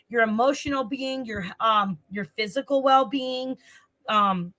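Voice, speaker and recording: A woman's voice: fairly high pitch, a bit bright. A woman with a Southern US accent, hosting a casual tarot reading stream and chatting straight to her viewers, repeating herself as she goes. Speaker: tarot reader and channel host.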